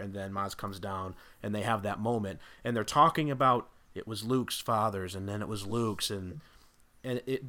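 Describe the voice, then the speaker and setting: A man with a fairly low voice chats casually as a podcast guest, bright and forceful in tone. He rambles, restarts his sentences and thinks out loud while building up an idea.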